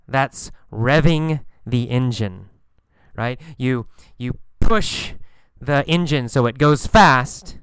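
A man teaching English slang, explaining slowly and patiently, repeating phrases and acting out quoted lines. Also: medium pitch, expressive, a bit bright, clear, resonant tone, no echo. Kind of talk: slow explanatory lesson.

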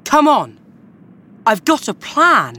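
A woman reading a storybook aloud and voicing a bold, eager young boy who speaks quickly. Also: sits high, huge pitch swings, sharp tone, pitched above the performer's own voice, full character voice.

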